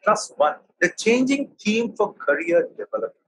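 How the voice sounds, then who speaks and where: A man's voice: sits high, lively intonation, normal speed, fairly bright tone, husky, rough recording. A man with an Indian English accent, a professor giving an emphatic motivational talk. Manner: emphatic, storytelling.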